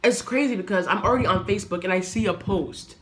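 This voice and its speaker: A young woman vlogger speaking earnestly to her camera, telling a personal story in a halting, reflective way. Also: medium pitch, a bit bright. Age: young adult.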